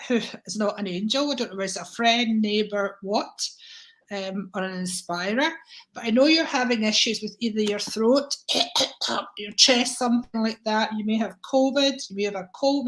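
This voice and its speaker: A woman chats through a live-stream card reading, greeting viewers by name and calling them darling. Her voice sits fairly high, and a tickle in her throat catches now and then. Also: fairly bright tone, poor audio. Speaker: psychic reader and livestream host.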